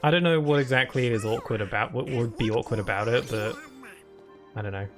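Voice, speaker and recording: A man's voice: medium pitch, brisk, faint music behind. Chatty British man streaming a game. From United Kingdom. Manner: chatty, laughs often, reads chat and on-screen text aloud. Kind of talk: casual gameplay chat.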